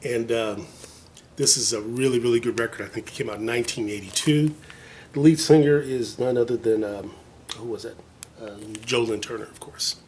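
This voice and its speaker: A man's voice: mid-range voice, fairly even intonation, moderate pace, darkish tone, a little hiss or hum. A man chatting casually to his viewers as he shows off records from his collection, rambling and joking at his own expense, with plenty of fillers. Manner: rambling, chatty, self-mocking, many fillers. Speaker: vinyl collector vlogger. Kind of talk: casual show-and-tell chat.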